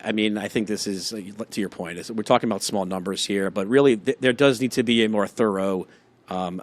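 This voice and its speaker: A man with a lowish voice speaks on a live trading broadcast. He weighs each point carefully and leans on fillers as he thinks aloud. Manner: thoughtful, hedging with fillers. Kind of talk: live market discussion.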